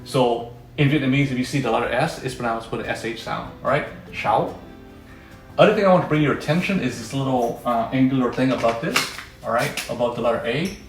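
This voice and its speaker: A man teaches a casual lesson at an easy, patient pace, stopping often to check the listener is following. His voice sits in the middle of the usual male range. The room rings with noticeable echo, and soft guitar music plays faintly behind him. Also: medium pitch, fast talker. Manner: patient, often checks in with "all right?" and "okay?". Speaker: language teacher. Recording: echoey room.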